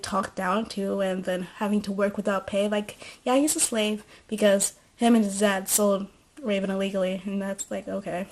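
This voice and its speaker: A woman's voice: mid-range voice, darkish tone. A young woman casually recapping a TV show at home, rambling and joking with lots of fillers.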